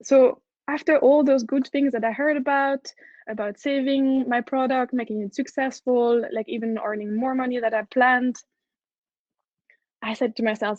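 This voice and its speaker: A woman's voice: sits high, fairly even intonation, moderate pace, a little mellow, dry recording. A woman with a French accent giving an enthusiastic conference talk as a head of product, often restarting her sentences. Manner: enthusiastic, earnest, with frequent restarts. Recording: dull, dry lo-fi recording.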